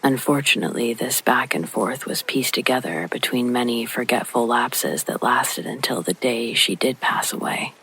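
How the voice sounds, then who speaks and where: A man reading a first-person horror story as scripted narration, hushed and slow, often sliding into a breathy near-whisper, with rain falling behind him. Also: medium pitch, a little hiss or hum, rough recording.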